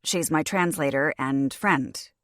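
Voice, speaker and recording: A woman's voice: low-pitched, slow pace, dry recording. A woman voicing a wary, blunt young woman from California in an audiobook, in a dry, close recording. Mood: guarded. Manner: guarded and blunt.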